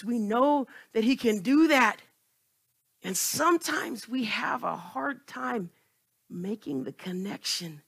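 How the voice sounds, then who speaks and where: High-voiced impassioned male preacher. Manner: impassioned, swinging from loud emphatic cries to hushed, intimate asides. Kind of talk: sermon.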